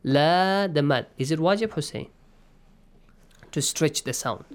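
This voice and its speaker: A man teaching Quran recitation rules. He explains patiently, checks in with his students, and chants verses in a slow, stretched way. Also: a little high, lively intonation. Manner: patient, checks in often with "okay?" and "yes?". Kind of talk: online class, explaining and reciting.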